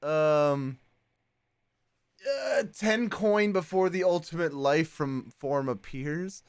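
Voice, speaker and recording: A man hosting a casual live stream, playful and laughing often, his voice swinging between loud calls and soft murmurs. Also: fairly high pitch, expressive, slow pace, clear, resonant tone, dry recording. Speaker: streamer host.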